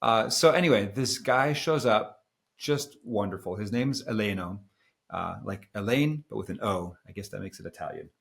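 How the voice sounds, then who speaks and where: A middle-aged man with a lowish voice, telling a story at an easy pace with a relaxed, casual air. He wanders through the tale with the odd "um" and "you know" as he co-hosts a podcast chat. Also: moderate pace, creaky. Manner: relaxed, rambling, with fillers. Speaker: podcast co-host.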